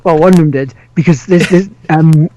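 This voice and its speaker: A man's voice: on the high side, moderate pace, dark tone, a little hiss or hum, poor audio. A man from the United Kingdom co-hosting a gaming podcast in casual chat, often laughing as he talks. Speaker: podcast co-host.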